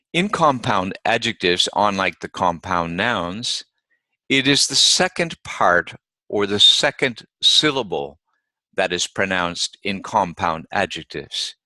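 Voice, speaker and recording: A man teaching English pronunciation in a low, bright-edged voice, taking his time and saying each example word twice. The sound is close and dry, with no room echo. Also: lively intonation. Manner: deliberate, repeats example words. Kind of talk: instructional lesson.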